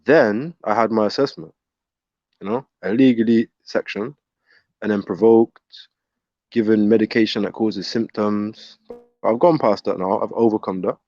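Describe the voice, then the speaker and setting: A man, talking fast and rambling as a caller from a hospital ward, often repeating and stumbling over his words. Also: fairly low pitch, mellow, no room sound, muffled recording. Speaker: caller speaking from a psychiatric ward. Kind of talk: rambling casual chat.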